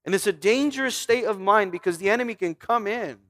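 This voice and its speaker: A pastor preaches a sermon in a high, brisk, somewhat bright voice, posing questions to his listeners and reading scripture aloud. He's emphatic, repeating himself for effect, and keeps stumbling and restarting.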